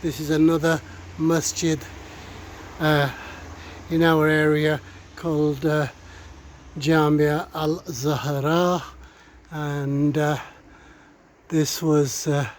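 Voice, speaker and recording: Slow, breathless middle-aged man touring streets. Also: on the high side, little pitch movement. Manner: hesitant, many "uh" fillers, addresses viewers. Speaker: vlogger giving a local tour. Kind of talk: casual walking commentary. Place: outdoors on town streets. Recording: faint street and traffic noise.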